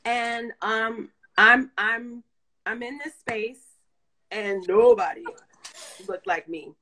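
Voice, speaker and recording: A woman's voice: fairly high pitch, slow pace, sharp tone, poor audio. A woman guest in a casual interview, telling stories candidly and laughing often. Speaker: guest photographer.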